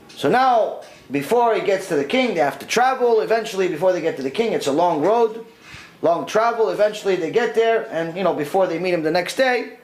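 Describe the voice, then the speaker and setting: Rabbi teaching through a story, high lively voice, echoey room. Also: male voice. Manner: animated, conversational retelling with voiced quotes. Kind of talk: storytelling lesson.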